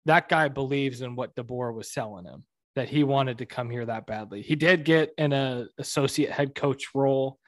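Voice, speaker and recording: A man's voice: mid-range voice, dry recording. A man co-hosting a casual sports podcast, talking in an upbeat, emphatic way. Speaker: podcast co-host.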